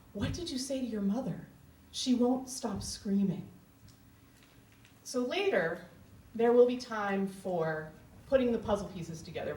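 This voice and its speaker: A woman's voice: mid-range voice, a little mellow, slight background noise. Earnest, candid woman storyteller on a live stage, roomy room, mic at a distance, faint ambience.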